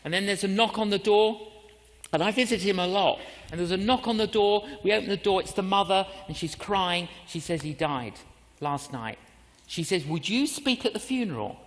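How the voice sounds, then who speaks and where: A man preaching a storytelling sermon, animated, acting out the voices and inner prayers in his story. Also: high-pitched, fairly quick, long reverb tail. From England.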